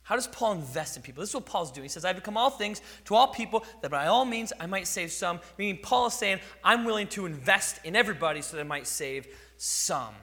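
Guy pastor preaching, bright kinda high voice, acts out little convos, big echoey church. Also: a little fast, few pauses. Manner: lively preaching with acted-out dialogues, chuckles. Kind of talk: sermon.

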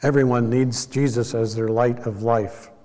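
A man giving a sermon as a Bible teacher, explaining in a measured way and now and then correcting himself. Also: medium pitch, fairly even intonation, dark tone, in a large hall.

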